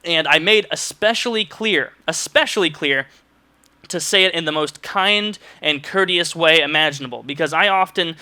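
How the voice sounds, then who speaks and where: A man's voice: fairly high pitch, normal speed, pushed and bright, smooth. A man vlogger telling a personal story in an exasperated, ranting storytime monologue, acting out quoted lines and, by his own account, coming across as rather curt. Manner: says he can come off as curt.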